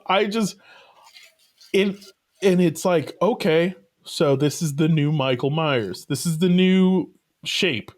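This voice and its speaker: A man's voice: on the high side, takes it slowly. A man co-hosting a casual movie podcast, laughing often and acting out characters in put-on voices as he talks. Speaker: podcast co-host.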